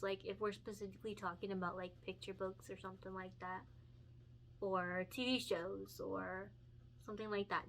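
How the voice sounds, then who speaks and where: A woman's voice: mid-range voice, level tone, moderate pace, creaky, a bit bright, slight background noise. A young woman, a picture book illustrator, chatting casually and earnestly while coloring, with lots of fillers and laughs. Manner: chatty, earnest, many fillers and self-corrections; emotional and encouraging, laughs often.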